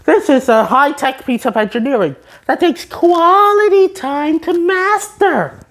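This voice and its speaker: Brief: chirpy cartoon sponge boy, high and bouncy, put on by a woman. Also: measured pace. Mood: chipper. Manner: excitable, high-pitched squeal. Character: cheerful young male sea sponge, cartoon.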